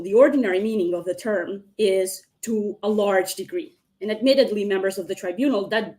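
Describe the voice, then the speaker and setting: A woman's voice: medium pitch, a little mellow. Woman arguing formally before a tribunal. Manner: formal and measured, addresses the tribunal directly. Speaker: counsel arguing against the motion. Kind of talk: formal argument in a mock hearing. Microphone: video call.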